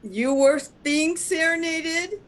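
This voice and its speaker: A woman's voice: very high voice, slow. A woman playing a patient but stern angel instructor in an improv scene, explaining in long, meandering turns. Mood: scolding. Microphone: video call.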